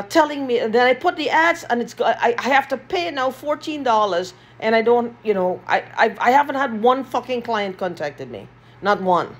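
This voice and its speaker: Agitated, husky-voiced woman ranting. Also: fairly high pitch. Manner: agitated, repetitive, swearing often. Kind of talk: ranting vlog monologue. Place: small basement room with concrete walls.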